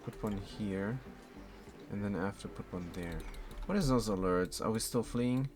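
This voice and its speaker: A streamer from Germany casually comments on his play and answers chat, reading it out and laughing often in a relaxed manner. He speaks at a moderate pace, his voice on the low side and darkish in tone.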